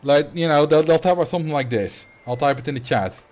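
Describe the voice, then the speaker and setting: A game streamer whose first language is Dutch chats casually on stream, answering viewers, laughing easily, and often beginning sentences again. He has a Dutch accent and a slightly high, darkish voice, and he talks quickly.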